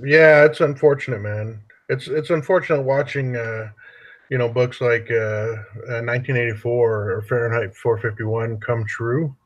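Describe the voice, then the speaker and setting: A man's voice: mid-range voice, steady tone, moderate pace. A man chatting casually on a podcast, rambling and swearing freely, tagging "dude" onto his sentences. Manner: profane, rambling, drops "dude" often. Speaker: podcast host. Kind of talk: casual political chat.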